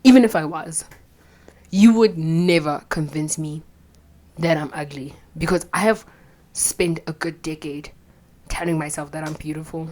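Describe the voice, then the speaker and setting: A young woman, telling a candid personal story with plenty of swearing and quiet whispered asides. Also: low-pitched, unhurried. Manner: blunt and profane, drops into whispered asides. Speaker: vlogger.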